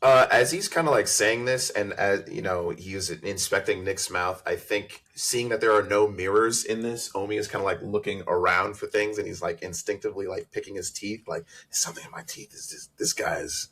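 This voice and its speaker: A man's voice: lowish voice, moderate pace, few pauses, a bit bright. A man playing a tabletop game, rambling and joking. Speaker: player. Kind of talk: tabletop role-play.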